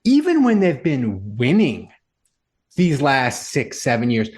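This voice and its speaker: Animated, rambling male podcast host. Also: mid-range voice, slow pace. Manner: rambling, filler-heavy, animated storytelling. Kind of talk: casual sports chat.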